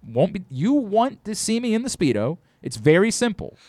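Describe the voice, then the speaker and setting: A man hosting a radio talk show, chatting and joking in a lively, laughing way. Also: sits high, normal speed, dry recording, studio quality. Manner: animated, laughing storyteller. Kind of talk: casual radio banter.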